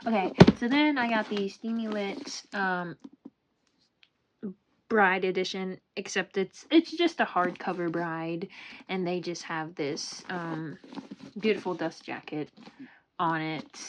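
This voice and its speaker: A young woman showing off her book collection in a casual, excitable, rambling vlog at home. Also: on the low side, slow pace. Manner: excitable, gushing, giggly, rambling. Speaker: book vlogger. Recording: noisy home recording.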